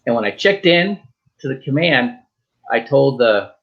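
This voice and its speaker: A man from Michigan, a talk show guest, telling a story in a joking, animated way with quoted dialogue and restarts. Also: mid-range voice, unhurried, lo-fi sound.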